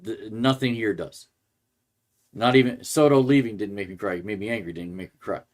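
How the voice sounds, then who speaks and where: A man's voice: lowish voice, fairly quick. Rambling male sports podcast host. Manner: rambling, restarts often, ranting. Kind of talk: casual sports rant.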